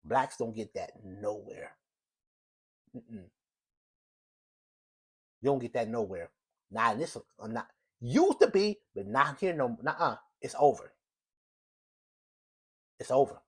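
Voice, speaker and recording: A man's voice: medium pitch, lively intonation, slow pace, long pauses, breathy edge. Emphatic man delivering a rambling monologue. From United States. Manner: emphatic, repetitive, rambling with restarts. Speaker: show host. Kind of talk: opinionated solo monologue.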